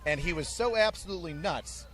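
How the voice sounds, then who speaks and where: In an interview, a drill sergeant from the army spins lively stories and shouts out quoted orders. His voice runs on the high side, and he speaks a little fast.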